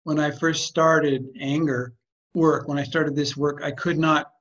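A man with a slightly high voice coaches a group over a call in a direct, blunt manner. The audio is dull and lo-fi, and he drives his points home with emphasis. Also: fairly even intonation, measured pace, a bit bright. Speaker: group facilitator.

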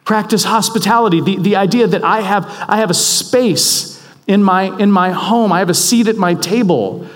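A man's voice: high voice, moderate pace. A man preaching a sermon in a conversational, self-deprecating, emphatic way. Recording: long hall reverb.

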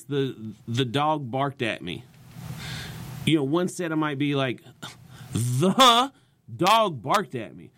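A young man with a Southern US accent, a comedian chatting casually on a podcast with lots of vocal inflection. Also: fairly high pitch. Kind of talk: casual chat.

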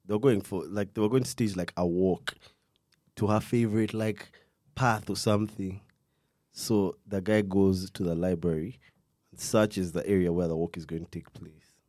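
A man's voice: low-pitched, steady tone, moderate pace, darkish tone, dry recording, studio quality. A young man telling a true crime story in casual chat, rambling with slang and restarts, stopping now and then to cough. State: coughing fits.

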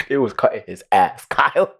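A man's voice: medium pitch, vocal fry, a bit bright, slightly rough. A man co-hosting a podcast, talking in slang, laughing often and acting out quotes. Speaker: podcast co-host. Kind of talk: casual chat.

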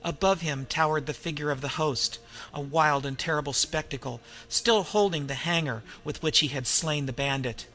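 Guy reading a story aloud, bright sharp tone, dramatic. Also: on the high side, moderate pace, low-quality recording. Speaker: narrator. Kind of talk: audiobook reading.

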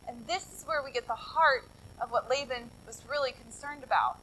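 A woman's voice: high-pitched, moderate pace, sharp tone, slight background noise, low-quality recording. A woman pastor preaching a sermon, retelling a Bible story in a conversational way with asides to her listeners.

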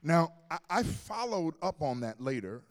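A male pastor preaching a sermon, telling a story with animated swings between loud and hushed. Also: fairly high pitch, measured pace.

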